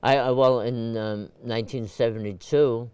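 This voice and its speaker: An older man from Brooklyn, telling stories at a rambling pace, full of fillers and restarts, and clearing his throat often. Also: mid-range voice, steady tone, normal speed, darkish tone, no room sound. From Brooklyn, New York. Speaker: photographer, interview guest. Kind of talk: casual storytelling interview.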